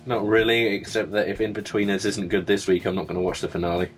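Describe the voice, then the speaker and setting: A man's voice: on the low side, little pitch movement, fast talker, soft background music. A man co-hosting a casual podcast, talking in a dry, wry and blunt way. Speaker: podcast co-host.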